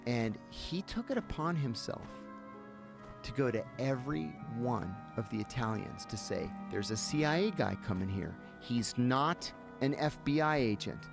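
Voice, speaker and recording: A man with a medium-pitched voice and vocal fry speaks a little slowly as a podcast guest telling a story. He's animated and casual, acting out the dialogue, with music playing behind him.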